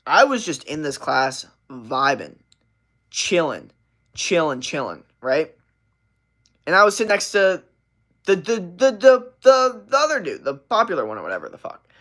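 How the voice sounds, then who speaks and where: A man's voice: a little high, big pitch swings, normal speed, a bit bright. A young adult man livestreaming, telling a rambling, profane story with constant "like" fillers. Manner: rambling and profane, heavy use of "like".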